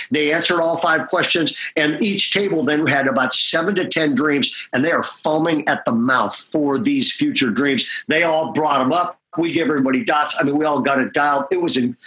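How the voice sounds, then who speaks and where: A man's voice: a little high, sharp tone, rough recording. A middle-aged man preaching as a pastor, telling stories with energy and checking in with frequent asides. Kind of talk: sermon talk at a conference.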